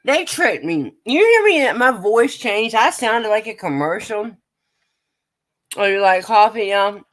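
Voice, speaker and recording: A woman's voice: medium pitch, sing-song, unhurried. An American woman chatting casually on a live stream, swearing freely and talking straight to her viewers. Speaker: vlogger.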